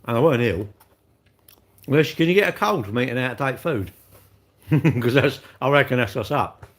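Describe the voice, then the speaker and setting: A man chats in a loose, cheeky ramble on a home livestream. He talks with his mouth full and answers viewers as he goes. His pitch sits in an ordinary middle range. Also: animated, moderate pace. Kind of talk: casual livestream chat while eating.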